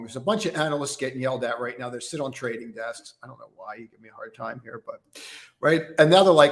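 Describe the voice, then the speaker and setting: A man's voice: fairly high pitch, normal speed. Chatty male trading streamer, roomy sound. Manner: conversational, chatty with many fillers, addresses viewers by name. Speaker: stock trading live-stream host. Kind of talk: casual live-stream market commentary.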